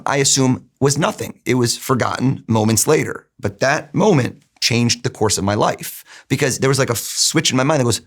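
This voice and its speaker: A man in a podcast interview, recounting his own story with earnest energy. His voice sits at an everyday middle pitch, and he presses on with conviction as the tale builds. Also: expressive, fast. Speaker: guest.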